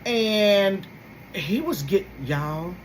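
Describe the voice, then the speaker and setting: A woman's voice: mid-range voice, extremely slow, background noise. A woman, hosting a casual gossip commentary and talking straight to her viewers with sudden exclaimed bursts. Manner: animated, addresses viewers directly. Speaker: host.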